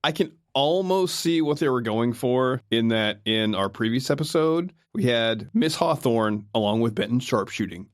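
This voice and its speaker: A man co-hosting a podcast in casual chat, animated and often laughing. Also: mid-range voice, dry recording, clean studio sound. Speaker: podcast co-host.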